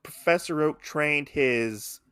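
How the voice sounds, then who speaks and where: A man's voice: fairly high pitch, slow pace, smooth, no room sound, studio quality. A man co-hosting a podcast, chatting casually and animatedly about a comic he is reading. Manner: animated, slips into silly character voices. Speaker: podcast co-host.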